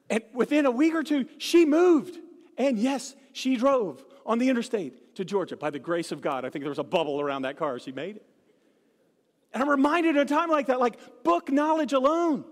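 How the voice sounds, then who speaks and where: High-voiced pastor preaching in a reverberant hall. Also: male voice. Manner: storytelling with humor, animated swings. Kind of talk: sermon. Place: church sanctuary. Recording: live church hall reverb.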